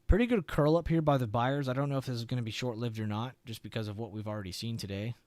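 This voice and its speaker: A man's voice: medium pitch, fast talker, no room sound. A young man hosting a live trading stream, chatting casually with viewers and walking them through charts. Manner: relaxed, chatty, swears and laughs, answers viewers.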